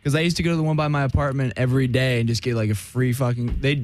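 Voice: mid-range voice, fairly even intonation, rapid-fire, a little mellow, dry recording. A guest chatting casually, blunt and joking. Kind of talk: casual chat.

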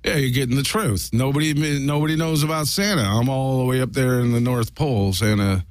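A man's voice: fairly quick, no echo, studio quality, close to an everyday voice. A man playing a crude, boozy Santa. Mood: sleazy, boastful. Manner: drawling, crude, low rumbling laugh. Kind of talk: comedy bit with improvised songs on guitar.

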